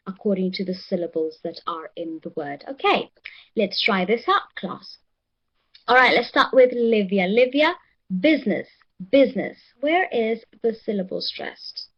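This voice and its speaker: A woman teaching an English pronunciation lesson, encouraging and repeating words slowly for the class. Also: medium pitch, animated, highs cut off.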